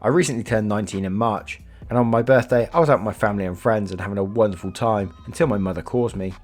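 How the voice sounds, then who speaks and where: A male narrator reading online posts aloud in a low-pitched, casual voice. He swears freely and chats between passages. Faint music plays behind him. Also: fast, darkish tone. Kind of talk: reading Reddit stories aloud.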